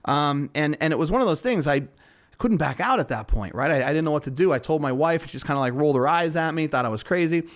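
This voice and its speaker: A man's voice: fairly high pitch, animated, fast talker. A man who hosts a real estate show, casually telling a personal story in a rambling, self-deprecating way, with lots of restarts. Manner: rambling, with frequent restarts and fillers. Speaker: real estate broker, podcast host.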